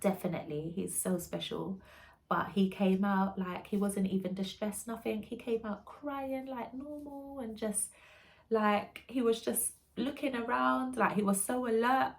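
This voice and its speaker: A young woman telling her birth story, soft, halting and often hushed. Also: a little high, steady tone, vocal fry. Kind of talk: emotional personal storytelling.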